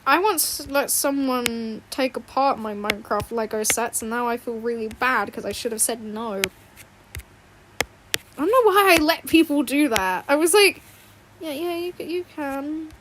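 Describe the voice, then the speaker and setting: Streaming from her bedroom at home, a woman draws and chats casually, rambling, giggling and frequently saying sorry. Her voice is a little high and her pace moderate, with the hum of a fan audible behind her.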